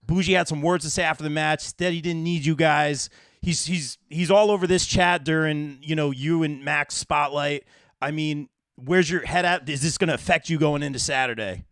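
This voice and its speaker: Man, podcast host, excited, reads chat, dry sound. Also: fairly high pitch, normal speed, dry recording. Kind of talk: live interview.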